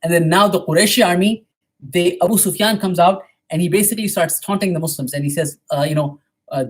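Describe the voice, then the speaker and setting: Fast-talking husky male lecturer. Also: sits high. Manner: quick retelling, often checking in with "right?". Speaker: mosque lecturer. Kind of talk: storytelling history lecture.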